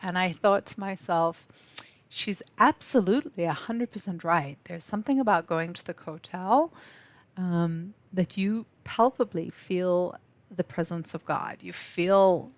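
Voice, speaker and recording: A woman from South Africa hosting a live webinar from an office, speaking warmly and effusively with frequent ums and restarts. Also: lowish voice, a little slow, no echo. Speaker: webinar host. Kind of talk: live webinar talk to viewers.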